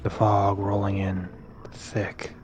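A man guiding a tabletop game as game master, his voice low and held to a flat, even line. He narrates slowly and deliberately, and a noisy recording hisses behind him. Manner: slow, measured narration.

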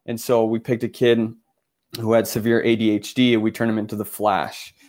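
A man's voice: on the low side, level tone, moderate pace, darkish tone. A man from Utah, a photographer guest in an interview, telling his story earnestly with many restarts and filler words.

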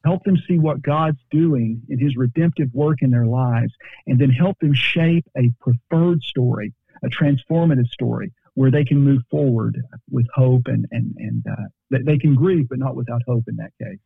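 Gravelly man on a tinny phone line. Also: mid-range voice, normal speed, no echo. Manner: earnest, repeats words as he thinks. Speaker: guest counselor. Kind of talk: podcast conversation.

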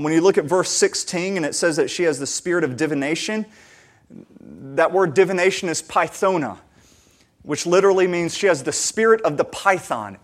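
A man preaching a sermon, earnest and conversational, often restarting his sentences and building to emphatic, louder peaks. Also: on the high side. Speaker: pastor.

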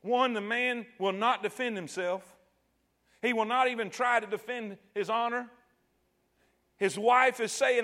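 A man preaches a sermon with a high, lifted voice. He retells the story with drama, playing the voices in it. At its peaks he rises to shouting. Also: steady tone, unhurried, pauses often. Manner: dramatic, acts out quoted voices and swells to shouts.

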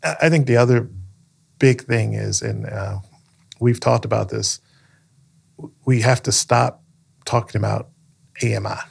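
A man's voice: mid-range voice, a little slow, vocal fry, pauses often, husky. A man, a county manager being interviewed, answering in an earnest conversational way, telling stories and often checking in with "right?". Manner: earnest, storytelling, frequent "right?" check-ins.

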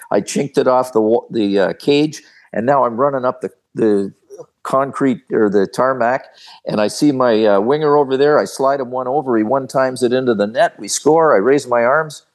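An older man, a former hockey referee, telling personal stories as an interview guest in an animated, folksy way. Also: mid-range voice. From Canada. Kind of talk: storytelling in an interview.

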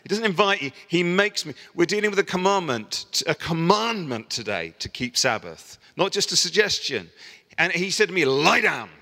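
A middle-aged man preaches, telling a story and acting out the voices of the people in it. His voice is bright and forward. It rings out with a long reverb, as if he stands in a large hall. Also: sits high, moderate pace. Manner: storytelling, animated voicing of quoted people. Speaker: pastor. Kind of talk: sermon.

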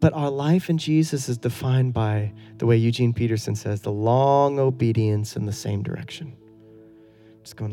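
A man's voice: mid-range voice, normal speed, mellow, soft background music. A middle-aged male pastor delivering an earnest, conversational sermon full of rhetorical questions.

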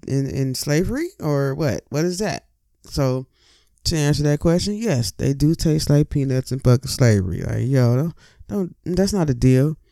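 Gravelly, profane man ranting casually. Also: fairly high pitch, dry recording, studio quality. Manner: profane, rambling, animated asides. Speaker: cannabis vlogger. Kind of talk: casual rant to camera.

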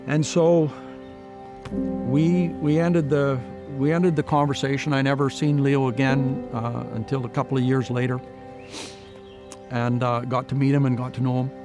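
A man's voice: medium pitch, level tone, moderate pace, music in the background. A man giving an earnest personal testimony in an interview, retelling past conversations with many "I said" tags. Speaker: guest sharing his faith story.

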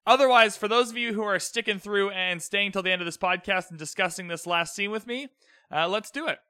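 A young man hosting a solo recap podcast, talking alone in a room, animated and earnest as he retells scenes. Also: sits high, fairly quick, clear, resonant tone, dry recording, studio quality. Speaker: podcast host.

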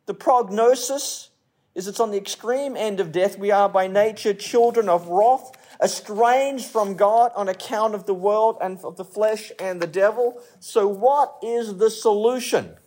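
A man's voice: high-pitched, measured pace, a little mellow. A man preaching a sermon in a conversational way, repeating phrases and telling stories with light humor. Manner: conversational, repeats phrases, restarts mid-sentence; tells stories and jokes lightly.

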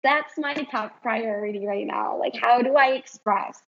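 Woman in her 30s, chatty animated storyteller, higher voice, kinda dull lo-fi sound. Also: vocal fry. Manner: animated storytelling, quick bursts. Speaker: guest, artist and mother. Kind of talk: casual podcast conversation. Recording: dull lo-fi recording.

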